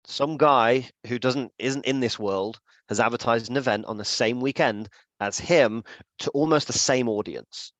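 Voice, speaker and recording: A man, a guest in an interview, telling a story in an animated way and acting out the dialogue. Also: medium pitch, a little slow, dry recording. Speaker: event organiser, guest.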